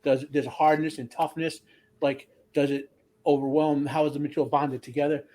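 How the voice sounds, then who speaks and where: A man's voice: on the high side, flat delivery, a little fast, dark tone. A man with an engineering degree, talking casually on a panel and explaining things with many restarts. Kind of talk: casual chat.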